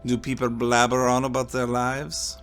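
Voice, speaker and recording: A man voicing a calm priest with a French accent, speaking warmly and slowly in a soft, deep voice. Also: soft background music, natural voice. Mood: musing. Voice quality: warm and deep, soft-spoken. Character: priest, calm middle-aged man, gentle talker.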